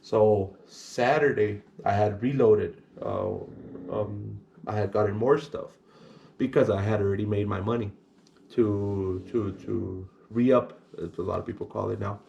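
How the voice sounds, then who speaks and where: A man's voice: lowish voice, steady tone, a little slow, gravelly, mellow, lo-fi sound, slight background noise. A man casually telling a personal story to the camera, rambling and repeating words, sometimes acting out other people in a whisper.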